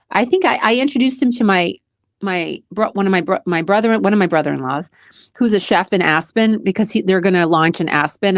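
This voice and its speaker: Woman, 40s, podcast host; casual, emotional, rambling; mid pitch; dry close sound. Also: no echo. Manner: chatty, emotional, rambling with restarts. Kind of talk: casual chat answering question cards.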